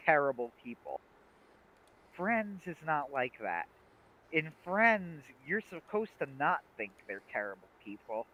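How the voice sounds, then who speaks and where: A man co-hosting a livestream in casual chat, retelling scenes with lively acted-out quotes. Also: fairly high pitch. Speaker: livestream co-host. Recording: dull lo-fi stream audio.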